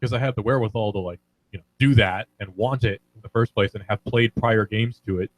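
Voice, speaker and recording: A man's voice: lowish voice, steady tone, brisk, no room sound, poor audio. A man in his twenties co-hosting a radio show, joking playfully in casual banter. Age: 20s. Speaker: radio co-host. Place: radio studio.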